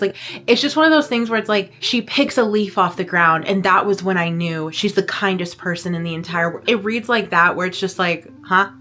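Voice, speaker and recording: A woman's voice: medium pitch, moderate pace, pushed and bright, soft background music. A young adult woman chatting casually to camera in a vlog, full of "like" fillers. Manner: chatty, filler-heavy, lots of "like". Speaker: vlogger.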